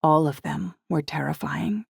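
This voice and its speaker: Gravelly audiobook narrator, dry close sound. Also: mid-range voice, unhurried, no echo. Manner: reflective, even storytelling. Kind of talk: first-person novel narration.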